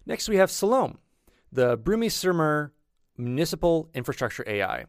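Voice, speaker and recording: A man co-hosting a casual podcast, chatty and quick to add his own commentary. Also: a little high, big pitch swings, clean tone, no echo, clean studio sound. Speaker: podcast co-host. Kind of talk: casual chat.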